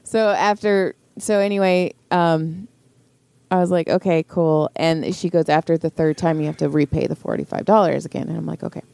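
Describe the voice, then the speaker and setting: A woman's voice: low voice, steady tone, normal speed, gravelly, warm tone, clean tone, no room sound. A middle-aged woman, co-hosting a podcast and telling a story in casual chat, acting out quotes and swearing freely. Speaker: podcast co-host.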